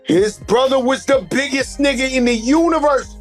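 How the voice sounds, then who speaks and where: A man telling a comedic street story with animated, loud mimicry. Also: extremely high pitch, moderate pace. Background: faint music.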